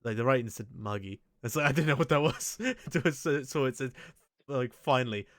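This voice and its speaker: A man's voice: medium pitch, brisk, fairly bright tone, no room sound, studio quality. A man hosting a casual chat, rambling and crude with frequent restarts. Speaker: show host. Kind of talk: casual chat ranking anime.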